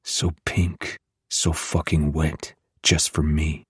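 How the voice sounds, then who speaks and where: A cocky vampire lover, read by a man in an audiobook, teasing and intimate. His voice sits extremely deep and husky, with a dry, close sound and no room around it. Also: level tone, slow, dry recording, heavily acted. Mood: teasing, seductive. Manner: low, teasing, intimate delivery. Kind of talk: audiobook dual narration.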